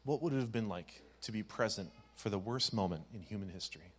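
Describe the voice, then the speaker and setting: A man, a pastor, leading a congregation through a gentle guided meditation with easy fillers. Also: fairly low pitch, fast, soft background music. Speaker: youth pastor.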